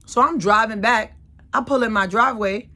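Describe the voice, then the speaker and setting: A woman's voice: on the high side, normal speed, sharp tone, a little hiss or hum. A woman in her thirties hosting her own channel, telling a personal story in a casual, emphatic way and repeating phrases for effect. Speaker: channel host.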